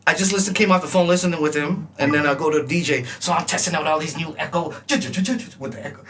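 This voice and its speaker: A music producer guest with a high, bright voice tells stories quickly in a casual chat. He's animated and laughs a lot, acting out scratches and vocal lines, and the distant mic picks up faint ambient noise.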